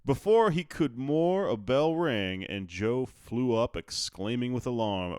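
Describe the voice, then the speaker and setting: A man's voice: medium pitch, lively intonation, takes it slowly, few pauses, a little mellow, clean tone, no echo, studio quality. A man reading a classic novel aloud in a casual way, tossing in offhand asides and fixing his own slips. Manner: offhand asides and self-corrections. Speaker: audiobook narrator.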